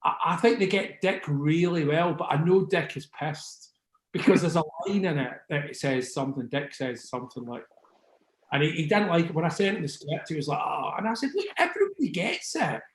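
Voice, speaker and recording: A man's voice: on the high side, a little fast, echoey room, a little hiss or hum. A Scottish man in his sixties chatting in an interview, rambling and sweary, forever asking "do you know what I mean". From Scotland. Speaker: interviewee, record label founder. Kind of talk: casual interview chat.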